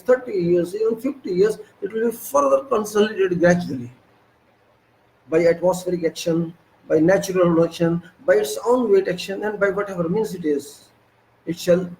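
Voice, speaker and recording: A man's voice: high-pitched, a little mellow, low-quality recording. A man lecturing on building construction. He is emphatic and scolds his listeners with rhetorical questions. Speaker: engineering instructor.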